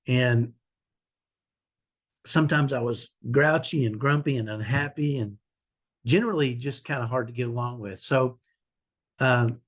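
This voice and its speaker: A middle-aged man talking earnestly to camera in a personal vlog, confessional and emotional, with many restarts. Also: medium pitch. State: emotional, near tears. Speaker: vlogger, autism parent.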